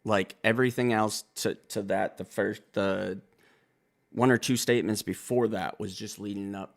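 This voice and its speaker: A man from Wisconsin hosting a music reaction video, talking in blunt, profane, excitable bursts. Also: fairly low pitch, normal speed. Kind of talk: casual reaction commentary.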